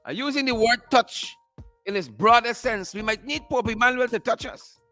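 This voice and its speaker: A man's voice: very high-pitched, normal speed, pushed and bright, soft background music. A man hosting a political commentary show, mocking and repeating phrases for emphasis. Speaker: show host.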